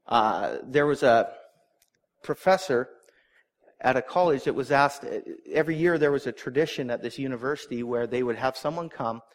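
A man's voice: mid-range voice, normal speed. A man preaching a sermon, retelling a Bible story in a conversational way and briefly acting out the characters' lines. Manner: conversational storytelling, acts out voices. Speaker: pastor.

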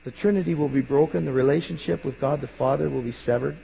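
A male pastor preaching a sermon in an earnest way, rising to emphatic bursts and dropping quiet. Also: medium pitch, fast, gravelly, a little hiss or hum. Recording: long hall reverb.

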